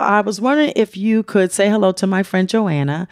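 A woman's voice: mid-range voice, no room sound, clean studio sound. A middle-aged woman co-hosting a podcast, reading listener mail aloud in a playful, teasing way. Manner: playful, teasing, drawn-out emphasis. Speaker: podcast co-host.

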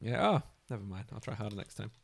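A man's voice: lowish voice, fast talker, creaky, no room sound. A man chatting casually about a video game, enthusiastic and swearing freely.

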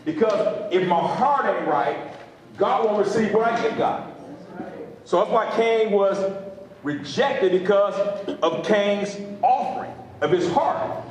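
A man's voice: sits high, animated, slow, very echoey, poor audio. A man preaching as a pastor, repeating phrases and drawing responses from listeners. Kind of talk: sermon teaching.

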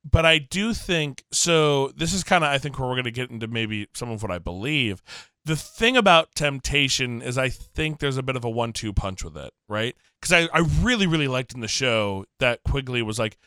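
A man co-hosting a podcast in casual chat, animated and laughing often as he acts out quotes. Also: medium pitch, moderate pace, clear, resonant tone, no room sound, clean studio sound. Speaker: podcast co-host.

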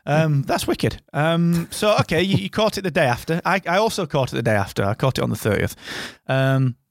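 A man's voice: on the high side, animated, a little fast, vocal fry, no echo. A man hosting a casual podcast, chatty and rambling, with a close, dry sound. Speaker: podcast host. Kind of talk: casual chat.

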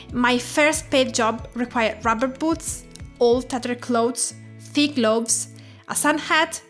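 A woman from Tuscany in her thirties with an Italian accent, hosting a podcast in measured, reflective scripted narration. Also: fairly high pitch, fairly bright tone. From Tuscany, Italy. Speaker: podcast host and home cook.

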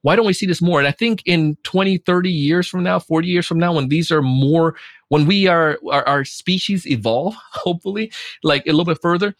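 Husky guy, kinda high voice, chatting animated on a podcast, dry sound. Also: a little fast, dry recording. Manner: animated, acts out quoted voices. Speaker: guest. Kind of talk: casual chat.

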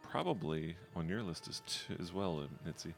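A man's voice: deep voice, animated, moderate pace, creaky, soft background music. A man playing a tabletop game, chatty and rule-minded, talking through his moves. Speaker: player. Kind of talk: casual tabletop play.

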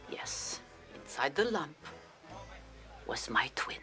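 An actress playing a brash, open middle-aged aunt in a film, talking in a frank, confiding way. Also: female voice, low-pitched, measured pace. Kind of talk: film dialogue. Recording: film clip with music underneath.

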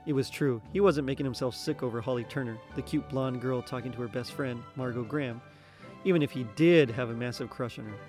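A man narrating a story chapter in a steady, expressive reading voice. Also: mid-range voice, fairly quick, faint music behind. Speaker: reader.

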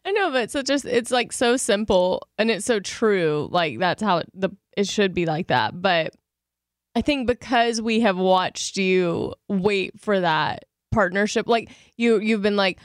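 A woman's voice: mid-range voice, lively intonation, measured pace, dry recording, studio quality. Chatty young woman co-hosting a podcast. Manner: chatty and enthusiastic, many filler "like"s. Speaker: podcast co-host. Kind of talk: casual chat.

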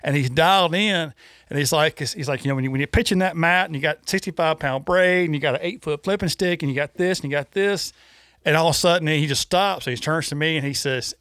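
A man co-hosting a casual fishing talk show, animated and rambling, with many restarts. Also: fairly high pitch, fast, no room sound, studio quality. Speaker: co-host.

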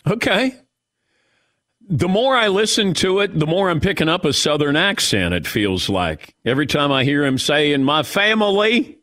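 A man's voice: on the high side, expressive, moderate pace, fairly bright tone, no room sound, studio quality. A man hosting a sports talk radio show, bantering playfully with his crew.

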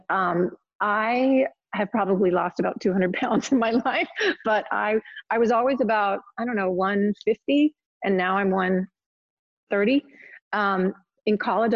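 A woman being interviewed, chatting casually and quickly chiming in as she talks. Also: mid-range voice, no room sound. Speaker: guest. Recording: dry, muffled audio.

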